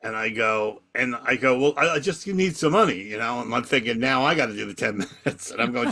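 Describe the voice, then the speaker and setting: Gravelly, bright-voiced man telling a story. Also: mid-range voice. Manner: quick, lively storytelling that acts out dialogue. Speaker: comedy magician. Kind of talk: casual chat, telling stories.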